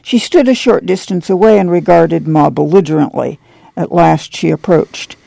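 Brief: male audiobook narrator, heavy vocal fry, dark tone, even read. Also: fairly high pitch, moderate pace, no room sound, low-quality recording.

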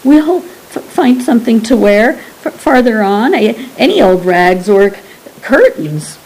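A young man shivering with cold, speaking in a low, hushed voice and stumbling over his words, as a woman reader voices him. He tries to sound calm in this audiobook scene. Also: unhurried, poor audio. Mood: shaken.

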